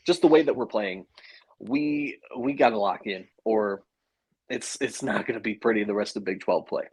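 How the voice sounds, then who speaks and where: A man's voice: lowish voice, normal speed, a little mellow, husky, rough recording. A man co-hosting a sports podcast, speaking eagerly and laughing easily. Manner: enthusiastic, laughing easily, with fillers. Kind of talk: casual sports podcast chat.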